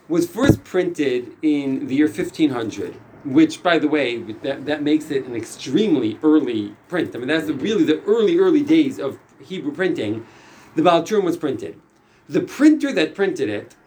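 A man teaching a small class, explaining step by step with frequent restarts. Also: a little high. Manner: animated, explanatory, frequent restarts and Yiddish-Hebrew terms. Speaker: Torah teacher.

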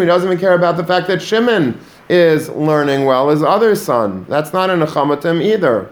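A man giving a Torah lesson to students, animated, often repeating words and mixing in Hebrew and Yiddish terms. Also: a little high, moderate pace. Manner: animated, repeats words while building a point. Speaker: Torah teacher. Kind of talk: religious lecture to students.

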